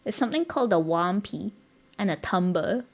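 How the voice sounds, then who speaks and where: A woman's voice: medium pitch, lively intonation, moderate pace. A woman streaming live, rambling in casual chat with her viewers and giggling often, her voice a bit strained. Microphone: dynamic studio mic.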